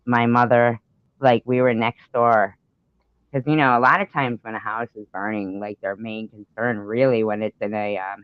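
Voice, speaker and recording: A man's voice: fairly low pitch, smooth, dry recording. Guy rambling thru a story on a stream, swears a bit, muffled lo-fi mic. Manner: rambling, swears, many fillers. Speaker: live stream host. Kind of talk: casual chat, storytelling.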